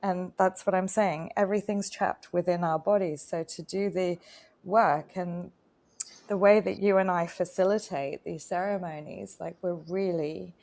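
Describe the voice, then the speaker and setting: A woman's voice: fairly low pitch, fairly even intonation, unhurried, darkish tone. An adult woman co-hosting a casual live-streamed chat, telling a personal story with heartfelt enthusiasm. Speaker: co-host, retreat facilitator.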